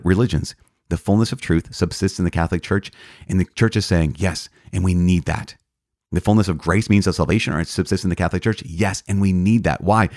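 A man's voice: deep voice, darkish tone, no echo, clean studio sound. A man, a priest, teaching from the catechism in an earnest, emphatic way, often restarting and correcting himself.

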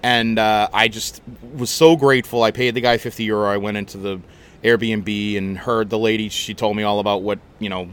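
A man's voice: lowish voice, moderate pace, clean tone. Chatty man telling a travel story. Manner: animated, chatty, swearing freely. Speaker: podcast host. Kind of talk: casual storytelling.

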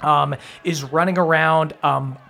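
A man's voice: fairly high pitch, fairly even intonation, unhurried, gravelly, pushed and bright. A man running a tabletop game as game master, narrating casually with frequent fillers and swearing.

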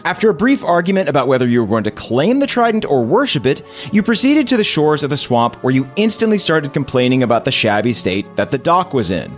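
Animated man narrating a tabletop game. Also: a little high, brisk, hardly any pauses, soft background music. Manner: playful, animated storytelling. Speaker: game master.

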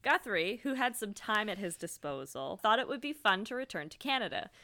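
Woman podcast cohost telling history stuff, laughs a lot, relaxed chat. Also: medium pitch, fairly quick. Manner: storytelling, laughs often. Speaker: podcast co-host.

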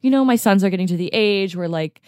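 A woman's voice: mid-range voice, fast, darkish tone, clear, resonant tone, no echo, studio quality. A woman co-hosting a casual podcast, telling stories with enthusiasm and many filler words, acting out what people said. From United States. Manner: enthusiastic, rambling storyteller, many "like" fillers, acts out quotes. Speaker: podcast co-host.

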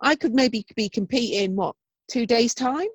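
A woman's voice: a little high, normal speed, slightly rough, no room sound, highs cut off. A woman co-hosting a podcast, chatting frankly and a little flustered, with swearing and many fillers. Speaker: podcast co-host. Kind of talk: casual chat.

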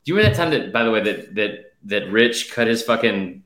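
A man's voice: fairly low pitch, expressive, brisk, fairly bright tone, reverberant, low-quality recording. A man co-hosting a casual sports podcast, rambling and swearing through a mock-emotional speech. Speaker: podcast co-host. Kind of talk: casual sports betting chat.

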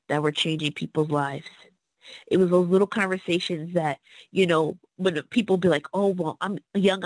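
A woman's voice: on the low side, no echo, low-quality recording. A woman as a podcast guest, telling her own story in an earnest, casual way and acting out the people she quotes. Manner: earnest, acts out quoted people in lively voices.

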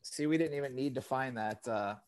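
A man co-hosting a podcast in casual chat, animated and profane, often mimicking voices when he quotes people. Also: mid-range voice, brisk, crowd noise. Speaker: podcast co-host.

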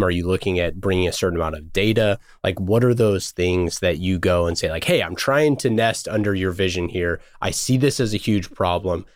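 A man with a very low voice hosts a podcast and asks long questions in a loose, rambling way. The recording is dry and close. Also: dry recording. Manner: casual, rambling questions with fillers like "like". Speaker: podcast host. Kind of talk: conversational interview questions.

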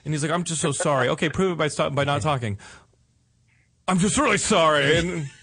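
High, bright-voiced man telling stories. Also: fast. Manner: animated, acts out quotes in put-on voices. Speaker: podcast host. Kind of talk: casual storytelling chat.

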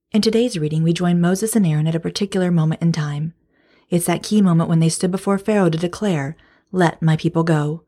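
A woman leads a devotional Bible study, reading scripture aloud and talking it through with her listeners, whom she calls her friends. Her voice sits low, with a dark, mellow tone. She sometimes drops to a whisper to stress a point. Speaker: Bible study podcast host.

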